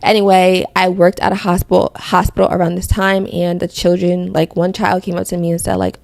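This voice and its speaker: A young woman from Connecticut shares a faith testimony on her podcast in a loose, chatty way. Her voice sits low and carries a gravelly fry. The sound is dry and close. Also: level tone, brisk, darkish tone, dry recording. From Connecticut, USA. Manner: chatty storytelling with many fillers. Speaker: podcast host.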